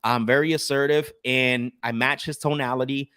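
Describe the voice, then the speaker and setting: A man's voice: mid-range voice, fairly even intonation, normal speed, bright, forceful tone, clean tone, no echo. Assertive male sales coach, dry sound. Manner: assertive, teaching tone with frequent restarts. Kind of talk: live coaching stream with cold calls.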